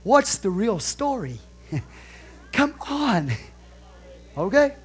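Male pastor, middle-aged, high-pitched, fervent sermon delivery with hammered repetition. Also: big pitch swings, very slow. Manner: fervent, emphatic preaching with repeated phrases.

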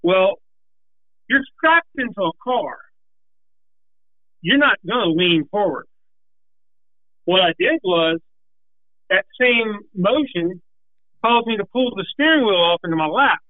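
A man's voice: high voice, slow, pauses often, no room sound. Breathless folksy man telling a racing story on a tinny phone line. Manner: animated, folksy, rambling with restarts. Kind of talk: casual storytelling.

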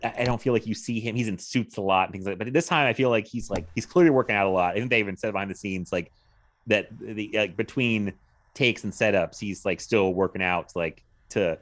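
A man with a somewhat low voice talks through films in easy, casual conversation. He rambles a little, hops between thoughts, and laughs often as he co-hosts. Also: brisk. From United States. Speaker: podcast co-host. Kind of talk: casual chat about movies.

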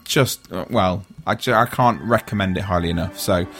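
A man's voice: low voice, moderate pace, fairly bright tone, husky. A man hosting a casual chat, rambling and joking as he talks. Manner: chatty, rambling, jokey. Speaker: podcast host.

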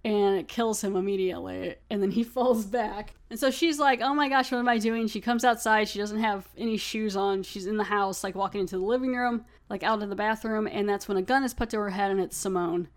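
A woman's voice: medium pitch, a little fast, hardly any pauses. A young woman hosting a podcast, recapping a TV episode in loose, chatty conversation. She laughs often and leans on "like" as she retells scenes. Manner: chatty, laughs, many "like" fillers. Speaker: podcast host. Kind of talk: casual episode review.

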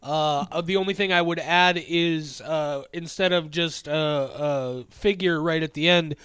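A man's voice: on the high side, a little slow, fairly bright tone, smooth, dry recording. A man co-hosting a podcast in casual chat, rambling with lots of fillers and casual swearing. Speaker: podcast co-host.

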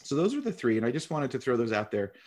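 A man giving a dharma talk as a meditation teacher, explaining calmly with unhurried pauses between phrases. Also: mid-range voice.

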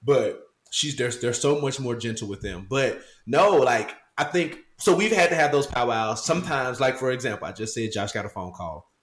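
A man's voice: mid-range voice, normal speed, few pauses. A man co-hosting a podcast in casual chat, telling family stories with lots of laughter. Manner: animated storytelling, laughs often. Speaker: podcast co-host. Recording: roomy sound with faint noise.

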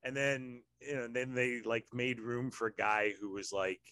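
A man hosts a relaxed conversation, rambling and wry, slipping into sarcastic asides. His voice sits at an ordinary middle pitch, recorded dry and close with no room sound. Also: normal speed, clear, resonant tone, dry recording. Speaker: podcast host. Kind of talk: casual chat.

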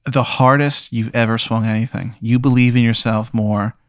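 A man's voice: mid-range voice, fairly even intonation, moderate pace, smooth, dry recording. A man co-hosting, narrating an improvised scenario in a laid-back, dry way. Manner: laid-back, dryly describes absurd events. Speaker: co-host telling an improvised scenario. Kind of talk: improvised storytelling banter.

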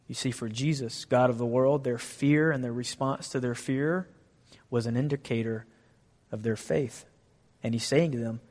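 A man preaching a sermon in a lively, conversational way, asking his listeners many questions. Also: medium pitch, normal speed, in a large hall.

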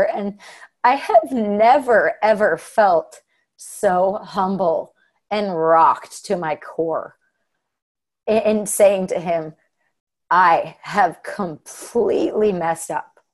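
A woman's voice: mid-range voice, takes it slowly, darkish tone. A woman from Southern Utah speaks as a guest, sharing a personal story in a casual, earnest voice. Her voice sits in a middle range, and she talks with many fillers and asides, growing heartfelt as she goes. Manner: chatty and earnest, many fillers and "right?" tags.

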